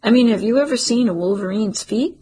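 A woman reading as an earnest male wildlife biologist in an audiobook, explaining his field work plainly. The voice stays close to her own, soft and husky with plenty of breath. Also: a little high, a little fast, low-quality recording.

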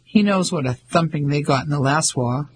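A man's voice: on the high side, normal speed, a little hiss or hum, close to an everyday voice. A man voicing a pompous older English colonel, blustering and self-assured.

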